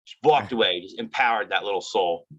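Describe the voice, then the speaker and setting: A man telling stories in casual chat on a video call, animated and acting out the voices of people he met. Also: fairly low pitch, a little fast, slightly rough. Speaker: cannabis activist in costume. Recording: dull lo-fi video call audio.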